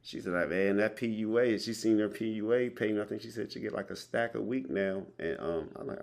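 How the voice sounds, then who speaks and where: A man hosts a podcast in a low, gravelly voice with a creaky edge. He talks loosely and in slang, circling back and repeating words as he tells a story. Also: fairly quick, few pauses, a little mellow. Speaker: podcast host. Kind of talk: casual conversation.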